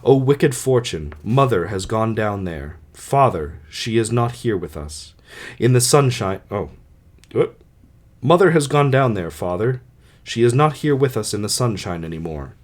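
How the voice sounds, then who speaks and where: A man's voice: fairly low pitch, big pitch swings, a little slow. A man voicing a grieving young boy in his own plain voice, reading a lament for an amateur audiobook.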